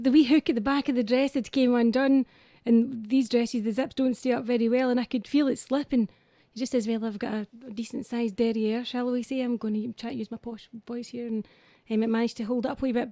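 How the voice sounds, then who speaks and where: Scottish singer guest, chatty and self-mocking, mellow higher voice, dry studio sound. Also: female voice, fairly even intonation, quick pace, no echo. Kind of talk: casual radio interview.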